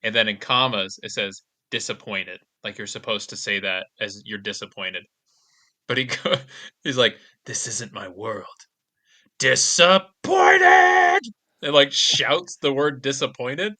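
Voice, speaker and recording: A man's voice: fairly low pitch, normal speed, bright, forceful tone. A man co-hosting a movie podcast, casually chatting, mostly giving short agreeing replies and laughing easily. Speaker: podcast co-host. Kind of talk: casual movie commentary chat.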